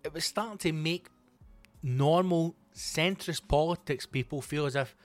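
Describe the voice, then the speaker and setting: A man's voice: fairly high pitch, a little slow, no echo, faint music behind. Sweary Scottish man ranting. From Scotland. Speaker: comedian podcast host. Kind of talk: casual ranting monologue.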